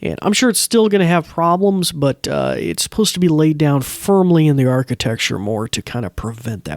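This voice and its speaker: A man's voice: mid-range voice, expressive, a little fast, vocal fry, few pauses, no echo. Rambling male podcast host. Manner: rambling, many fillers. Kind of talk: casual chat.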